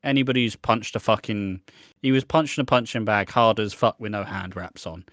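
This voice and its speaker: A British man co-hosting a podcast, telling stories in a sweary, animated, casual way. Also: on the low side, a little fast, no echo, studio quality. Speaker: podcast co-host. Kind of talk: casual chat.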